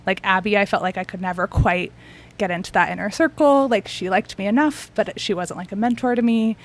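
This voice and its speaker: A woman's voice: mid-range voice, a little fast. A woman who works as a therapist, a podcast guest telling her story in a casual, chatty way with lots of fillers and restarts.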